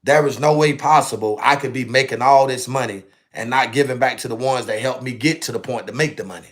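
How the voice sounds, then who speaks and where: A man's voice: mid-range voice, a little fast. A young adult man hosting his own channel, talking casually and animatedly to viewers on a live stream and ending phrases with "bro" and "man". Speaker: channel host.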